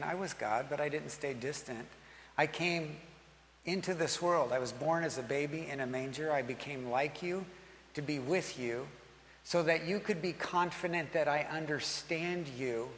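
A man leading communion as a pastor, speaking earnestly and rising in pitch and force as he voices a listener's prayers. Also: fairly bright tone, slight background noise. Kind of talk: communion sermon. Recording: long hall reverb, faint ambience.

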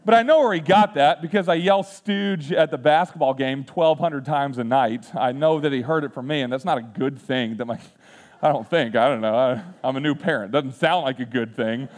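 Preaching a sermon full of personal stories, this student ministries pastor in his thirties speaks at normal speed with a medium-pitched voice. Funny, self-mocking anecdotes with acted-out quotes give way to quiet, earnest reflection.

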